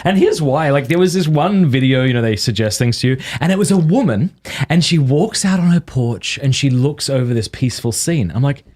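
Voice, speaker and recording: Podcast host man, 30s, mid-pitched, hesitant, jokey asides. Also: lively intonation, a little mellow. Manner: hesitant, restarts questions, quick joking asides. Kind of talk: casual conversational interview.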